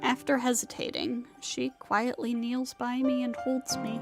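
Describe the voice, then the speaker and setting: A woman streamer reading a visual novel aloud in measured, dramatic first-person narration, over music. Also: fairly high pitch, little pitch movement. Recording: music playing behind.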